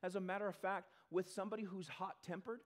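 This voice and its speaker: A male pastor giving a conversational sermon to a congregation in a church, talking in an animated way. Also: sits high. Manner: animated, acts out quick character voices.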